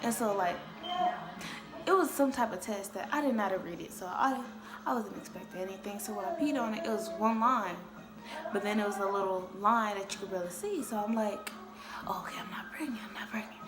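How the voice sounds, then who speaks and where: A woman's voice: medium pitch, a little fast, over music. A young adult woman casually rambling through a personal story as a vlogger, in a loose, conversational way. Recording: echoey room with loud background noise.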